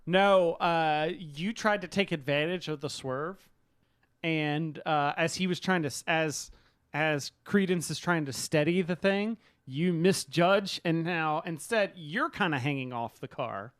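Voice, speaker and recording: Casting: man, tabletop game master, clear smooth voice, dry close sound, patient with rules. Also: fairly high pitch, unhurried, a bit bright, no room sound. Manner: laughing, explains rules patiently.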